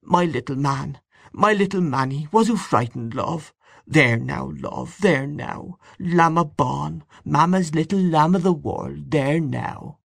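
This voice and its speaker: A man voicing a young mother fiercely protective of her baby, in a high-pitched voice. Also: slow, creaky, a bit bright, dry recording, studio quality, heavily acted. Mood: cooing. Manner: high-pitched, crying out or cooing.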